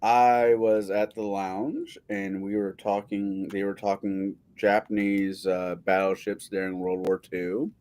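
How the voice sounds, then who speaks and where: A man chatting on a casual stream as a guest, telling animated stories and swearing freely. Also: on the low side, a little slow, hardly any pauses. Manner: animated storyteller, swears a lot.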